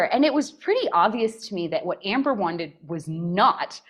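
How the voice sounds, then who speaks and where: Woman guest on a podcast telling her story, really lively up and down voice, laughs a lot. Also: mid-range voice, moderate pace, hardly any pauses. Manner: expressive, laughs often while telling. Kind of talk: personal storytelling in conversation.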